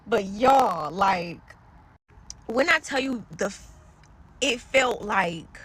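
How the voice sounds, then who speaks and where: A woman with a mid-range, lively, fairly bright voice with a breathy edge earnestly recounts a personal faith story to her followers, taking it slowly. In this casual spoken testimony she rambles, trails off and keeps addressing viewers directly.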